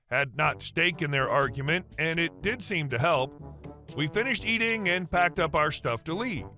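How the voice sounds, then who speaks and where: A man with a high, bright voice reads stories aloud in a brisk, even, scripted way. Soft music sits faintly beneath him. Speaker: narrator of reddit stories. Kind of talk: scripted story narration.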